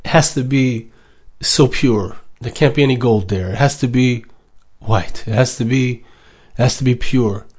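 A man's voice: medium pitch, moderate pace, darkish tone, slightly rough. A man speaking as a rabbi, delivering an emotional sermon, emphatic and repetitive, with Hebrew terms woven in.

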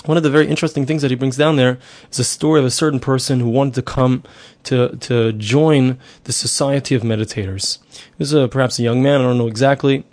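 A man's voice: medium pitch, fairly even intonation, fast, darkish tone. A middle-aged man giving a spoken Torah lesson, explaining earnestly, repeating himself and asking rhetorical questions. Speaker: Torah teacher.

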